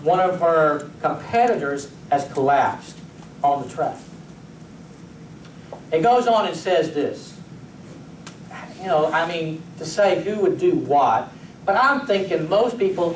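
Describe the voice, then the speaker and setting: A pastor with a slightly high voice animatedly tells stories and acts out scenes while addressing his congregation head-on. The sermon is recorded from a distance in an echoey church sanctuary, with a little hiss or hum.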